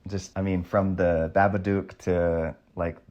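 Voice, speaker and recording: A man's voice: deep voice, little pitch movement, measured pace, a little mellow, lo-fi sound. A man chatting casually as co-host about a movie, enthusiastic and chuckling. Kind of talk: casual movie review chat.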